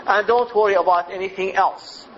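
A man voicing a father who briskly brushes off the mother's rules. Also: sits high, fairly even intonation, fairly bright tone, lo-fi sound, slight background noise. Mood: dismissive.

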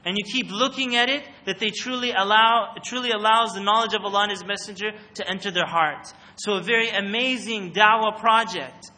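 Male speaker giving a religious talk on a mic, fairly high and very bright, quizzes the crowd. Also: fairly quick, few pauses. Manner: questions the audience and calls on them. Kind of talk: interactive religious talk to an audience. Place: room with a live audience. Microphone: microphone.

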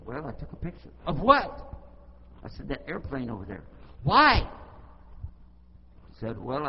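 An American man giving an Islamic talk, retelling an encounter and acting out each side of the dialogue with lively emphasis. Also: a little high, creaky. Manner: animated, acts out both sides of dialogue. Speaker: Islamic preacher. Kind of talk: storytelling talk to an audience. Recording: lo-fi hall recording with faint noise.

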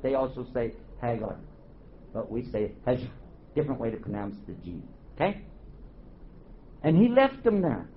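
A man giving a religious lecture to a live audience, animated, quizzing the crowd and joking. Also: medium pitch. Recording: dull lo-fi recording, faint hiss.

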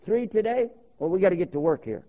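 A man preaching with a fairly high voice and plenty of rhetorical questions. He tells stories animatedly and acts out the dialogue. The sound is dull and lo-fi, like an old tape. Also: animated, fast talker. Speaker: Muslim preacher. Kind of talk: sermon with storytelling.

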